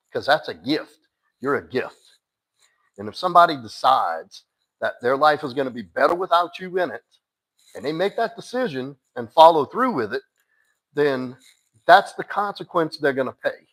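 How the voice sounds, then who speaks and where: A man coaching a listener through a breakup, blunt and insistent. He keeps his voice at an ordinary middle pitch. His talk is casual and direct, with the odd curse word dropped in. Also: fairly bright tone, low-quality recording. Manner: addresses a listener by name, firm and insistent. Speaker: dating coach. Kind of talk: live-stream advice talk.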